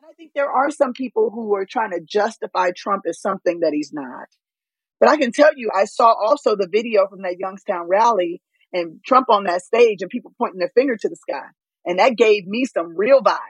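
A woman's voice: medium pitch, animated, brisk, slightly rough, no room sound, poor audio. A woman guest giving emphatic political commentary, firing off rhetorical questions. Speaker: guest, political organization CEO.

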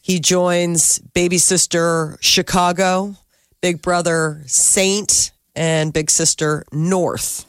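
A woman's voice: on the low side, fairly even intonation, slow, dry recording, clean studio sound. A middle-aged woman co-hosting a podcast, breezily chatting through celebrity news and laughing easily. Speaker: podcast co-host. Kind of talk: casual chat, reading celebrity news.

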